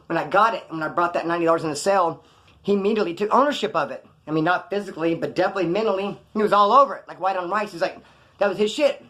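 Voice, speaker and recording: A man's voice: high voice, rapid-fire, bright, forceful tone. A man telling stories in casual, slangy street talk. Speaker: storyteller recounting prison life. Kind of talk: casual spoken storytelling.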